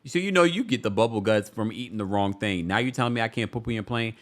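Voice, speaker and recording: Animated sassy man recapping a show. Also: fast talker. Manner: animated, sassy, acts out quotes in a high voice. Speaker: recap host. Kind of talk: casual commentary recap.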